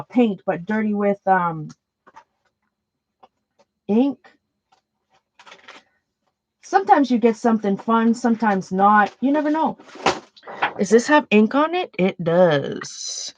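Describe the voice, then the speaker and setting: A woman's voice: mid-range voice, lively intonation, unhurried, long pauses, darkish tone, highs cut off. A Canadian woman chatting casually on a livestream while making art, rambling and often restarting her sentences.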